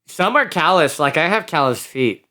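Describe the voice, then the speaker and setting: A man's voice: on the high side, lively intonation, normal speed, sharp tone. A man in his thirties, a podcast guest, telling candid, teasing anecdotes in casual chat. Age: 30s.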